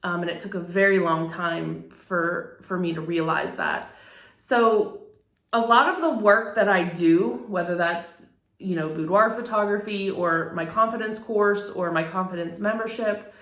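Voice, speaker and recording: A woman's voice: on the low side, a little slow, a bit bright. A middle-aged woman, a photographer, telling a personal story in a candid, emotional way, laughing now and then and using many fillers. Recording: echoey room.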